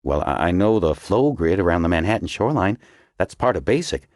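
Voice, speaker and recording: A man's voice: deep voice, very animated, fairly quick, a little mellow, no room sound, clean studio sound. A man voicing a nervous young male police diver who stammers and hesitates, in an audiobook. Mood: hesitant. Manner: hesitant, faltering.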